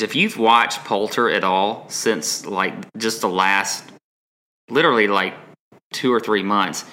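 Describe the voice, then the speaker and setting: A man's voice: on the low side, sharp tone. A man co-hosting a casual golf fantasy podcast, talking through picks with frequent restarts and hedging. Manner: hesitant, many restarts, defensive when teased. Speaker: podcast co-host. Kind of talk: casual sports betting chat.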